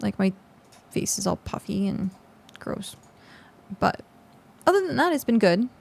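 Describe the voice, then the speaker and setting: A woman game streamer chats casually with her viewers during a live stream, sounding tired and congested and using lots of fillers. Her medium-pitched voice is creaky, with big pitch swings and a measured pace.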